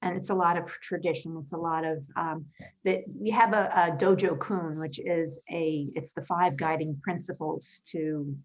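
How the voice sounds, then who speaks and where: Thoughtful woman guest, slightly low voice. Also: fairly even intonation, normal speed, rough recording. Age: 50s. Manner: thoughtful, earnest, explains at length. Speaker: interview guest, designer and karate black belt. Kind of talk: conversational interview answers.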